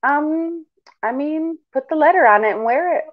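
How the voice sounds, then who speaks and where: A woman's voice: high voice, normal speed. A woman co-hosting a casual chat who teases playfully and laughs often. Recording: dull lo-fi recording.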